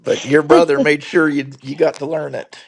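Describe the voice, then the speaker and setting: A man's voice: a little high, level tone, moderate pace, vocal fry, poor audio. A man from Virginia hosting a podcast, asking his grandmother brief, friendly questions and reading a closing outro. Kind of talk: interview and scripted outro.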